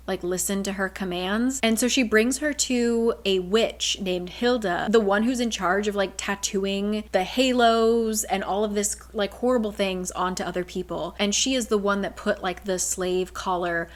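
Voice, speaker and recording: A woman's voice: medium pitch, normal speed, few pauses. Chatty woman retelling a book plot. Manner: chatty, fills speech with "like"; animated, briefly mimics characters. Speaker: book summary vlogger.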